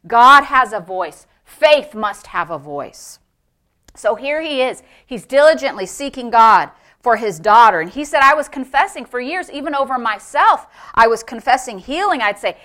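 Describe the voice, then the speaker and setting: High, bright-voiced woman pastor preaching. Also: lively intonation, normal speed. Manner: emphatic preaching that swings from loud exclamations to hushed near-whispers. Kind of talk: sermon.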